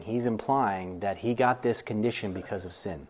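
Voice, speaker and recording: A man leading a Bible study, reading verses and explaining them in an animated, lively way, acting out voices and laughing often. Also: on the low side, moderate pace, few pauses.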